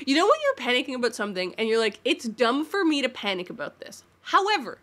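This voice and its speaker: Woman podcast co-host: high-pitched and bright, animated storyteller in relaxed chat, laughs a lot. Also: quick pace. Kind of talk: casual chat.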